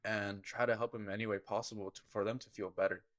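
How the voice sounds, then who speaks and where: Earnest young man with a deep voice. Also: level tone, fast talker, a bit bright, no echo. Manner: earnest, recounts a vivid dream in detail. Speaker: podcast guest, football kicker. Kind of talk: personal storytelling in a casual interview.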